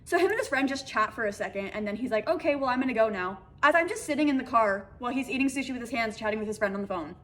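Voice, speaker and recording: A young adult woman telling a dating story to the camera in casual chat, animated and full of "like" fillers. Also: a little high, rapid-fire, hardly any pauses. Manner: animated, acts out voices in quotes, many "like" fillers.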